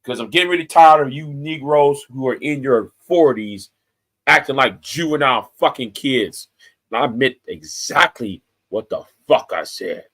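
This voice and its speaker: Speaking straight into the lens, a man in his forties who makes YouTube commentary goes on an angry, confrontational rant, swearing, threatening, and repeating himself for emphasis. The voice is mid-range and a bit bright, delivered at a moderate pace.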